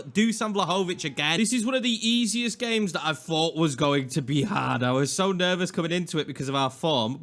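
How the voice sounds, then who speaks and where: A young man with a Yorkshire accent giving casual, excitable commentary over a football video game, chatty and quick to swing between hype and grumbling. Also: a little high. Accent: Northern English (Yorkshire). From England. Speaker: gaming YouTuber.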